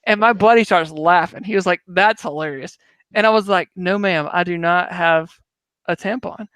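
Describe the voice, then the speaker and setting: High, smooth-voiced male podcast host. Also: normal speed, no echo. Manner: lively anecdotal storyteller. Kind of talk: casual podcast storytelling.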